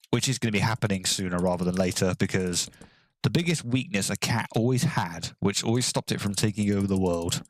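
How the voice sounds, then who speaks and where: A man casually joking and rambling while commentating on a building game, sometimes counting quietly under his breath. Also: sits low. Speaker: gaming channel host.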